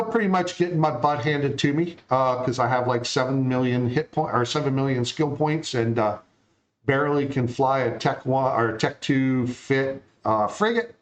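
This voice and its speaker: A man's voice: medium pitch, low-quality recording. Laid-back rambling male stream host. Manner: relaxed, rambling, lots of fillers. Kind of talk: casual live-stream chat.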